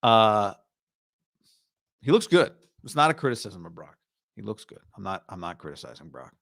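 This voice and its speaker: A man's voice: lowish voice, big pitch swings, normal speed, gravelly, a bit bright, dry recording, studio quality. A man hosting a sports talk show, giving casual, emphatic commentary and repeating lines for punch.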